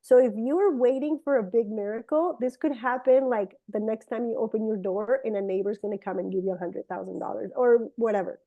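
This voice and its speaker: A middle-aged woman, a native Spanish speaker, telling a personal story in a casual, animated way and jumping into high, excited voices when she quotes people. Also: fairly quick, hardly any pauses, narrow, tinny audio. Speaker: speaker sharing a testimony.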